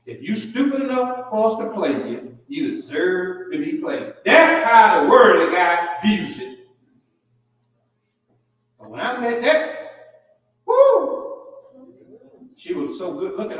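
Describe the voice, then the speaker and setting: Older male pastor, folksy sermon, high and lively voice, heard from far off in a big echoing hall. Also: a little slow, pauses often. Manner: folksy, preaching with lively swings between loud and low. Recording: echoey church hall, mic far off.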